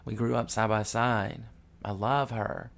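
Grieving man, low voice, candid storytelling. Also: unhurried, gravelly. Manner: candid and profane, swings from hushed grief to loud excited retelling. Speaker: podcast host. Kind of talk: raw emotional storytelling.

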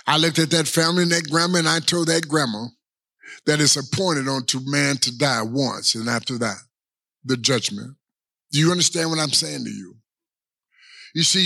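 A man's voice: fairly high pitch, gravelly, bright, forceful tone. A man preaching a sermon as pastor, drawing out his words and asking the congregation rhetorical questions. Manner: preaching with long drawn-out pauses and repeated rhetorical questions.

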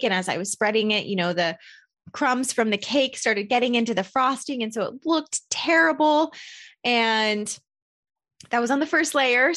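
A woman with a slightly high voice chats to her listeners in a loose, personal storytelling manner. She sounds animated and candid and pokes fun at herself. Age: adult parent. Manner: candid, animated, self-deprecating. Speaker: podcast host.

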